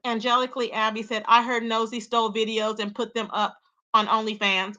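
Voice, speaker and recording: A woman's voice: a little high, flat delivery, brisk, sharp tone. A woman hosting a casual gossip livestream, reading chat and reacting with lots of exclamations. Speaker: livestream host.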